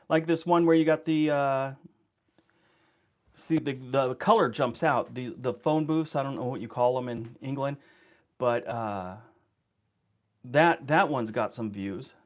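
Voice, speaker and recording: A man's voice: mid-range voice, lo-fi sound. Chatty man on a livestream. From California. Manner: rambling, chatty, quick to laugh. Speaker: livestream host. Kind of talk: casual livestream chat.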